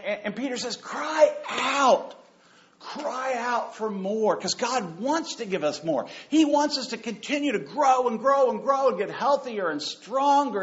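A man preaching a sermon as pastor, animated and joking, repeating phrases for emphasis. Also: very high voice. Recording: dull lo-fi sound.

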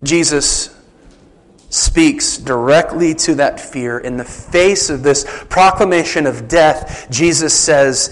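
A man's voice: a little high, takes it slowly, rough recording. A man preaching a sermon as a pastor, conversational, asking the congregation rhetorical questions.

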